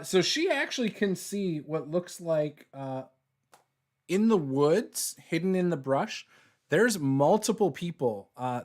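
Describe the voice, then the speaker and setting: A man running a tabletop game as dungeon master, relaxed and quick to laugh. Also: a little high.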